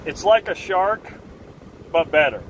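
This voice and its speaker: A man's voice: fairly high pitch, expressive, a little slow, a little hiss or hum. A man hosting a live stream, talking casually to his chat in assertive, fired-up rants. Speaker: livestream host.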